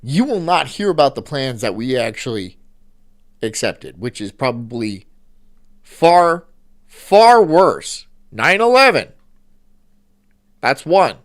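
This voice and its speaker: A man's voice: mid-range voice, very animated, slow, pauses often. A man hosting a stream, reacting casually with rambling, swearing asides. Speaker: streamer host.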